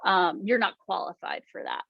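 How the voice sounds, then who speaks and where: A woman's voice: mid-range voice, huge pitch swings, normal speed, creaky, no room sound, exaggerated voice. A woman voicing her own nagging inner-critic gremlin, needling and questioning in her everyday voice. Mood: doubting. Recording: dull lo-fi dry sound.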